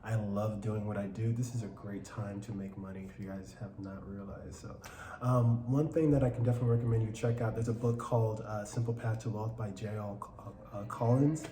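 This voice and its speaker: A man's voice: fairly low pitch, steady tone, fairly quick, dark tone. Enthusiastic man guest in an echoey room. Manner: enthusiastic, rambling with restarts. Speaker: podcast guest, finance worker. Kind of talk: casual podcast chat. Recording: echoey room with crowd noise.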